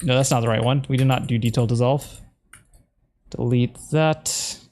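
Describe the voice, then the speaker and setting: A man's voice: medium pitch, fairly even intonation, normal speed, darkish tone, faint music behind. Man muttering to himself while editing. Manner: mutters instructions to himself, puzzled exclamations. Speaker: video creator. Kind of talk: casual commentary while editing video.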